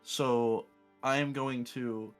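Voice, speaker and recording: Relaxed man at a game table. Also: mid-range voice, slow, soft background music. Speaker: player. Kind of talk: casual tabletop play.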